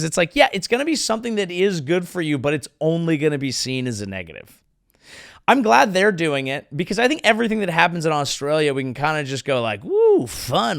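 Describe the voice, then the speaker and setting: A man's voice: fairly high pitch, creaky, fairly bright tone, no echo, studio quality. A man hosting his own comedy show, delivering a sarcastic, riffing monologue. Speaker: comedian host.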